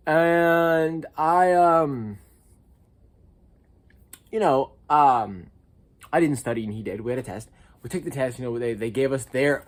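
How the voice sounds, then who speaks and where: Jokey young American guy telling stories. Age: young adult. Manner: jokey, swings from loud squeaky outbursts to low mutters. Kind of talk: casual storytelling vlog.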